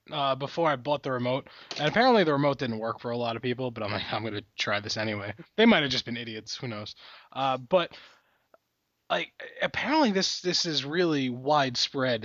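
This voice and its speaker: A man's voice: mid-range voice, a bit bright, no room sound, muffled recording. A man co-hosting a comedy podcast from a hotel room, rambling and swearing freely in casual chat. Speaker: podcast co-host. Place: hotel room, calling in remotely.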